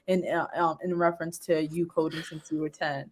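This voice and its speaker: A woman's voice: fairly low pitch, fairly even intonation, quick pace, few pauses. A woman hosting a casual livestream interview, bubbly and enthusiastic, laughing often. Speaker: livestream host.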